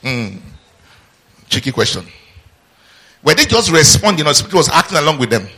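A man's voice: a little high, a little fast, breathy edge. A man preaching a sermon, drawing call-and-response answers from the congregation. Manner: call-and-response, asks the congregation to finish his sentences; lively teaching with asides and laughter.

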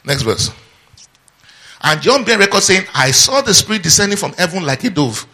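Male pastor, bright and forceful delivery, prompts the congregation to finish his lines. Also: high voice, moderate pace, slightly rough. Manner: call-and-response, asks the congregation to finish his sentences; lively teaching with asides and laughter. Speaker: preacher. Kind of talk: sermon.

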